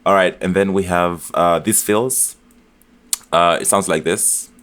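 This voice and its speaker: A man with a very low voice talks through a music production tutorial in a loose, chatty way. He stumbles and restarts often and leans on fillers. Beat elements play clearly behind his voice. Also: fairly even intonation, measured pace, a bit bright. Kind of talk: casual tutorial walkthrough. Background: beat elements playing from the project.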